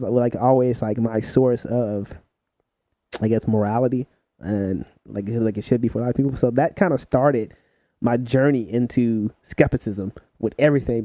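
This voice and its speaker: A young man telling stories as a podcast guest in a relaxed chat, laughing often and filling pauses with "uh" and "like". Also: medium pitch, no echo. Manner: laughs while telling stories, many fillers. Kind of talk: casual storytelling chat.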